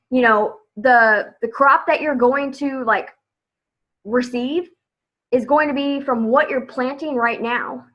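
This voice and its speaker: A woman's voice: high-pitched, fairly bright tone, highs cut off. A woman giving a casual motivational talk to her sales team on a live video, chatty and upbeat, saying "like" a lot. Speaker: direct sales team leader.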